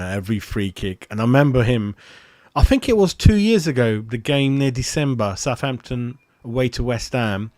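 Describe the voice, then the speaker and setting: A man chats through a live fan reaction, excitable and matey, greeting viewers by name. His voice sits at a middle pitch. The sound is dry and close, with no room around it. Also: no room sound. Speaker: fan channel host. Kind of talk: live match reaction chat.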